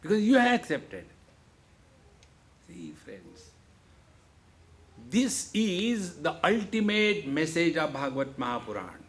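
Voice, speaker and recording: A man's voice: on the high side, huge pitch swings, takes it slowly, long pauses. A man giving a humorous spiritual discourse, joking and often repeating "see, friends". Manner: jovial, repeats "see, friends", playful asides. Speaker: spiritual teacher. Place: lecture hall.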